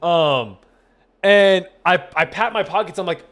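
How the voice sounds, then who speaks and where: Young male streamer with a slightly high voice, casual and profane, rambles through a story and acts out the dialogue. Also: unhurried. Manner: rambling, profane, animated retelling with quoted dialogue. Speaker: gaming streamer.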